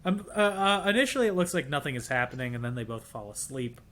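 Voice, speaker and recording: Lively joking man podcast host. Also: medium pitch, quick pace. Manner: playful, joking. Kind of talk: casual chat recapping a film.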